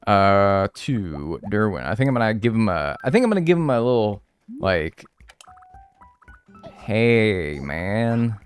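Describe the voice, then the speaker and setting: A man's voice: fairly low pitch, normal speed, smooth, soft background music. A man streaming a game live, talking casually and bouncing between chat replies, with a rambling, profane style full of "like". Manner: animated, rambling, swears, heavy use of "like". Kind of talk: casual livestream gameplay commentary.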